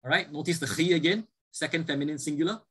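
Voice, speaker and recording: A man's voice: a little high, quick pace, bright, forceful tone, husky, poor audio. A man lecturing a class, explaining points and often checking in with "right?" as he goes. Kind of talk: classroom lecture with student questions.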